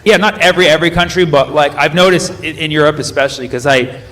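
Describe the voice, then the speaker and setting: A man in his thirties, a stand-up comedian doing loose crowd work, riffing and firing quick questions at the audience from the stage. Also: on the high side, fairly bright tone. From United States.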